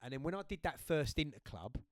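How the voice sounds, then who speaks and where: A British man in his fifties tells stories with lively energy, often checking in with "right?" His voice sits a little high for a man. The recording is close and dry, with no room sound. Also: brisk, dry recording. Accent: British English. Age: 50s. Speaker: guest, host's father. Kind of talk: casual podcast chat.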